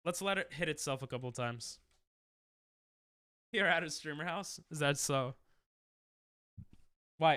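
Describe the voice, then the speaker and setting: A man's voice: on the high side, measured pace, pauses often, bright, forceful tone, no room sound, studio quality. A sick, coughing man, casually chatting and joking with his chat while he streams a game. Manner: casual, jokey, reads and answers chat. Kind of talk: live-stream gaming chat.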